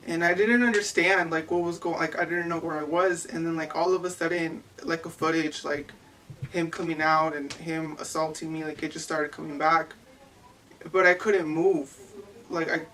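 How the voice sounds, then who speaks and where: Halting young woman, distant mic. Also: low-pitched, fairly bright tone, a little hiss or hum. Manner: halting, full of "like" fillers. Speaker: interviewee. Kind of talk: personal testimony. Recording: distant mic with faint ambience.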